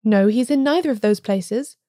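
A woman reading as a small, plain priest who speaks in a quiet, dull, colourless voice. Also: fairly high pitch, moderate pace, no echo, studio quality, natural voice.

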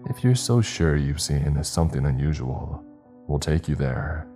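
A man voicing a skeptical male government agent in his fifties, calm and flatly dismissive. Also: a bass voice, unhurried, soft background music, exaggerated voice.

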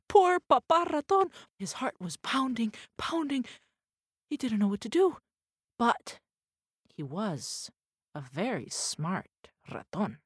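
Expressive woman storyteller for kids, high and swooping, unhurried, dry sound. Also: slightly rough, no echo. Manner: animated, expressive, mixing in foreign words. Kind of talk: children's storytelling.

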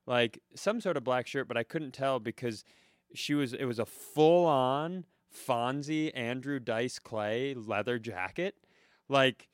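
A man co-hosting a comedy podcast, telling stories in casual, animated riffs. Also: medium pitch, slow pace, no echo, clean studio sound. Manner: animated riffing storyteller. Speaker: podcast co-host.

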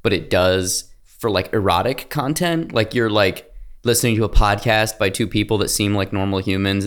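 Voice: deep voice, clear, resonant tone. A podcast co-host joking and riffing in casual chat.

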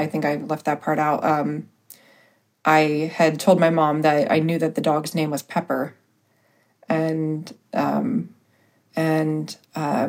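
A woman guest telling a personal story in a casual, hesitant way, pausing often with fillers. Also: low voice, vocal fry, a little mellow. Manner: hesitant, full of pauses and fillers.

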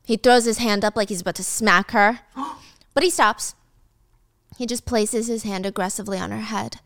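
A woman's voice: mid-range voice, normal speed, fairly bright tone, dry recording, clean studio sound. A young woman casually recapping a drama story, chatty and opinionated with dramatic asides.

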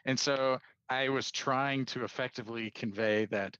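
A man's voice: mid-range voice, steady tone, normal speed, fairly bright tone, smooth, no room sound. A man who is a sports analytics guest on a podcast, telling stories chattily and acting out quoted dialogue. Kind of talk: casual interview chat. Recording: slightly dull, dry sound.

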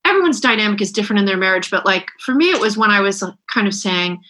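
A woman's voice: mid-range voice, lively intonation, quick pace, bright, forceful tone, slight background noise. A middle-aged woman author chatting candidly in an interview, self-deprecating, with many restarts. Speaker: author guest. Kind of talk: casual interview chat.

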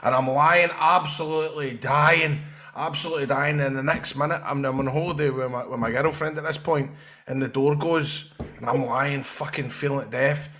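A Scottish man rambles through a story in relaxed podcast chat, dropping swear words as he goes. His voice is bright and sharp at a middling pitch. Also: moderate pace. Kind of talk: casual chat.

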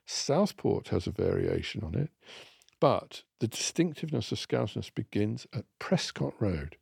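Male radio guest, gravelly and slightly husky, animated, explanatory delivery. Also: medium pitch, measured pace, no room sound, clean studio sound. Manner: enthusiastic, explanatory, lively emphasis. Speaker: guest expert on accents. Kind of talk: conversational radio discussion.

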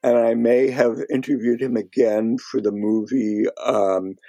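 An older man reminiscing in a slow, halting way as a guest in a casual podcast conversation, with a gravelly, husky voice. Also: medium pitch, flat delivery, warm tone, no room sound. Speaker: guest, former music critic.

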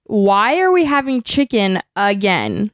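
A woman's voice: mid-range voice, sing-song, measured pace, dry recording, studio quality. A woman co-hosting a podcast, teasing her partner and laughing often. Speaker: podcast co-host. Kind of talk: casual chat.

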